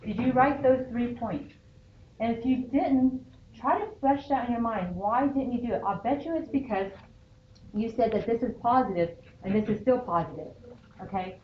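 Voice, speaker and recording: A woman's voice: a little high, moderate pace. A woman math teacher lecturing a class and checking in often with "okay?". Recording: dull lo-fi sound in an echoey classroom with faint noise.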